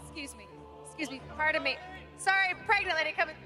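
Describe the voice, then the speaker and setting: High-voiced bubbly woman crowd reporter. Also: fast, over music. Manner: bubbly, hype-building. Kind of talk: live crowd interviews. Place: large arena among the crowd. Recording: loud arena crowd around the voice.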